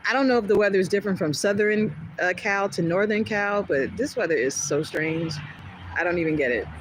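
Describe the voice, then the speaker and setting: A woman's voice: mid-range voice, moderate pace, slight background noise, rough recording. Chatty woman rambling on a livestream. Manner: chatty and rambling, jumping between topics; animated, often laughing. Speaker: livestream host. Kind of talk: casual livestream chat with viewers. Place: home in California.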